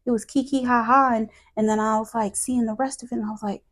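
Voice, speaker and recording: A woman's voice: fairly high pitch, steady tone, quick pace. A woman hosting a podcast in casual chat, thoughtful and searching for her words as she talks. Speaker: podcast host.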